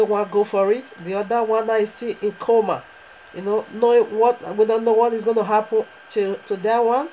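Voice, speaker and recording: A woman's voice: mid-range voice, dark tone, slight background noise, poor audio. Fervent woman preaching a sermon. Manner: fervent, emphatic preaching with rhetorical questions.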